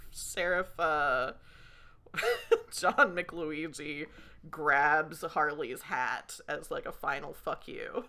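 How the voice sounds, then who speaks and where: A woman's voice: low voice, sharp tone. A young woman casually running a tabletop game, giggling and rambling with many fillers. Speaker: game facilitator.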